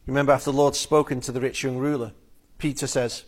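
A man preaching an expository sermon, earnest and emphatic, slowing down on key phrases and sometimes repeating words. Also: mid-range voice, little pitch movement.

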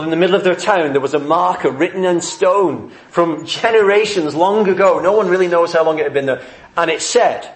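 A man's voice: on the high side, reverberant. A man preaching a heartfelt, earnest sermon.

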